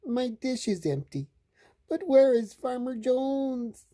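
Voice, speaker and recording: A woman voicing a hungry farm cat with a high, mewing whine for a storybook. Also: lively intonation, takes it slowly, warm tone, exaggerated voice. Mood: whiny. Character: hungry house cat, whiny.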